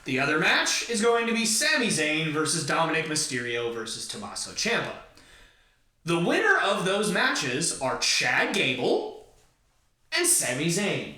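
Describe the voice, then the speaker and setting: A man's voice: fairly high pitch, huge pitch swings, measured pace, sharp tone. A man hosting a podcast, talking through wrestling fantasy booking in an enthusiastic, joking fan way. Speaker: podcast host. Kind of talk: casual fantasy-booking talk. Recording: roomy echo, far from mic.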